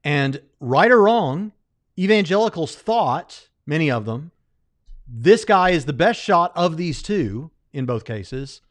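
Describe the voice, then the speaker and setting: A man's voice: fairly high pitch, big pitch swings, slow pace. A man co-hosting a podcast, arguing his point step by step in casual commentary. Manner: argumentative, builds a case step by step. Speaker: podcast co-host.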